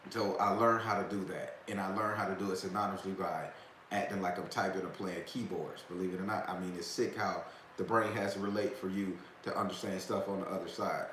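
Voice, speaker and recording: A man's voice: deep voice, fairly even intonation, brisk, a bit bright. A man hosting a live talk, telling a story in a loose, profane, casual way and laughing often. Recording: echoey room, faint background noise.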